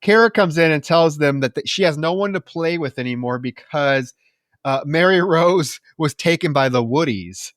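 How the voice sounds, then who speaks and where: A man co-hosting a film podcast, recapping the plot in casual chat, animated and profane, laughing often. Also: a little high, normal speed, no room sound, clean studio sound. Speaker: podcast co-host.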